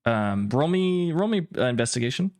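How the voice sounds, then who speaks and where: A man narrating as game master, describing scenes with an animated, descriptive storytelling manner. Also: mid-range voice, normal speed, a little hiss or hum. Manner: descriptive, lively storytelling with many ums.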